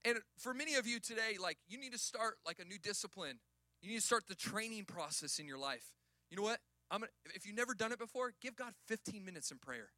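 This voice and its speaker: A pastor preaching to his church, his voice high and bright. He drops low and quiet for stories, then climbs to loud, shouted calls. The sound is dry and close. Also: lively intonation, brisk, dry recording. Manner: preaching, builds to shouted emphasis. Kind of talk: sermon.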